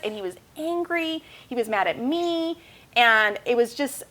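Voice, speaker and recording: A woman's voice: on the high side, a little slow. Chatty woman telling a mom story. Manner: storytelling, animated, acts out voices in anecdotes. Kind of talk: casual chat.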